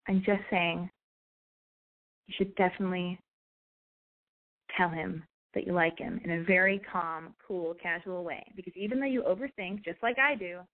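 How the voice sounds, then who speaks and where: A woman's voice: lowish voice, normal speed, pauses often. American woman, advice podcast host, chatty and blunt, tinny phone-like sound. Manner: chatty, blunt, swears freely, acts out dialogue. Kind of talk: casual advice chat.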